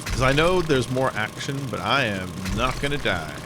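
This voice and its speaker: A man's voice: expressive, moderate pace. A man chatting casually while playing a game, laughing as he retells comedy bits. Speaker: gameplay streamer. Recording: noisy with engine rumble.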